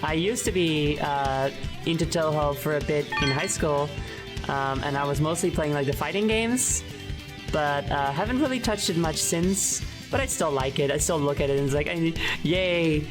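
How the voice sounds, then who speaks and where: A woman with a low voice chats casually on a live stream, rambling and giggling as she goes, with plenty of ums and uhs. Music plays clearly behind her. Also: normal speed. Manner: rambling and giggly, many fillers. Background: background music.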